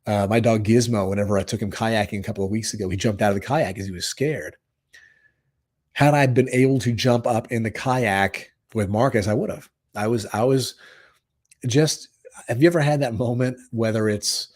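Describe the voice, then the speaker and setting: A man hosting a live podcast episode, speaking in a strained, hoarse voice. He sounds earnest and emotional, rambles a little and often restarts his sentences. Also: fairly low pitch, normal speed, darkish tone. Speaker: podcast host. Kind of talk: live motivational monologue. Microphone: live stream microphone.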